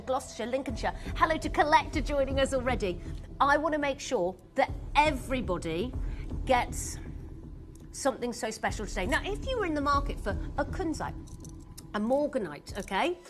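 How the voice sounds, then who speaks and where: A woman's voice: high-pitched, fairly bright tone. A woman presenting jewelry on a live shopping channel, chatty and gushing as she greets viewers by name. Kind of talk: live jewelry sales pitch. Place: television studio.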